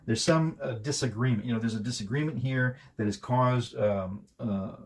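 A man's voice: medium pitch, moderate pace, darkish tone, slightly rough. A man giving a casual, rambling tarot card reading, full of hesitations and fillers as he talks through each card. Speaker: tarot reader.

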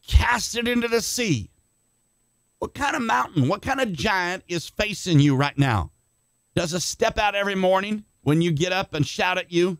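An older man preaching a sermon with passion, rising to shouts and calling on listeners by name. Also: high voice, no room sound. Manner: impassioned, shouting climaxes, calls on congregation by name.

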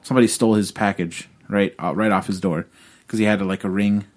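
A man's voice: on the low side, steady tone, fairly quick. A man co-hosting a casual podcast, telling stories in a rambling way with lots of fillers and swearing. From Illinois. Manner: rambling storyteller, swears often, many fillers. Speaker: podcast co-host. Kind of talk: casual chat.

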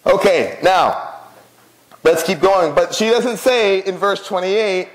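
High-voiced middle-aged man preaching. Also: takes it slowly, rough recording. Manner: conversational preaching with asides. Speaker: pastor. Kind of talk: sermon.

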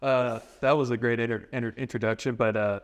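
A man's voice: mid-range voice, steady tone, a little fast. A man in his twenties, a training client, chatting casually as a guest in an interview. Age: 20s. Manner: easygoing, rambling, many fillers and restarts.

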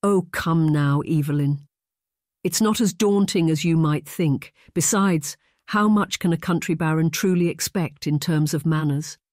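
A lively young woman with a mischievous streak, coaxing and conspiratorial, as a reader puts her on. She talks in a light, encouraging way. The sound is dry and close. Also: medium pitch, a little slow, no room sound, lightly acted.

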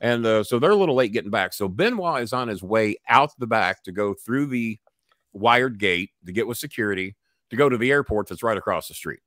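A man's voice: fairly low pitch, expressive, a little fast, fairly bright tone, dry recording, clean studio sound. An older man with a cough, telling a story bluntly and with heavy swearing. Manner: blunt, swears freely, acts out voices. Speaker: podcast guest. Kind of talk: profane storytelling.

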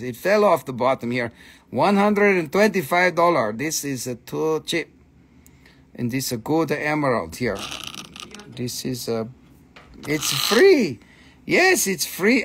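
A man's voice: a little high, sing-song, unhurried, fairly bright tone, husky. A man hosting a live sale, joking around, chanting and laughing a lot. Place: indoor shop.

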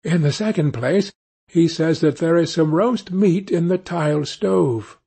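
Sly little peasant trickster for a storybook reading , voiced by a man: raised pitch, slightly husky, unhurried. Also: dark tone, exaggerated voice.

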